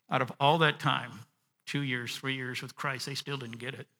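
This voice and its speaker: Bright-voiced man preaching a sermon. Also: medium pitch, a little slow, in a large hall. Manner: expressive, swinging from hushed to emphatic. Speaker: pastor.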